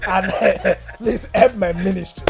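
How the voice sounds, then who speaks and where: Nigerian guy mc on a podcast, lively joking, laughs a lot, bit of music behind. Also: sits high, gravelly. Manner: animated, joking, laughs often. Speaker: guest MC. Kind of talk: comic storytelling interview.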